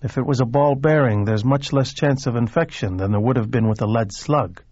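A man reading a cool, brisk, matter-of-fact former doctor with a clinical manner. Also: medium pitch, a little mellow, no room sound, lo-fi sound, close to an everyday voice. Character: cold, clinical older male ex-doctor.

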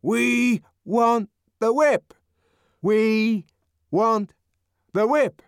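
Frenzied mob chant, slow heavy rhythm, high loud voice,, dry. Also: male voice, lively intonation, no echo, exaggerated voice.

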